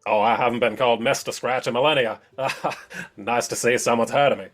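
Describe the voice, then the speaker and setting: A doddering, forgetful old demon, put on by a man rambles along in a folksy way. His pitch sits in an ordinary middle range. Faint music plays underneath. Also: fairly even intonation, fairly quick, a bit bright, lightly acted. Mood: pleased.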